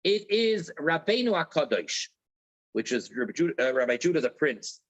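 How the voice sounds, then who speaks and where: A man's voice: a little high, sing-song, moderate pace, fairly bright tone, rough recording. A man teaching a religious lecture in an earnest way, repeating key phrases for emphasis.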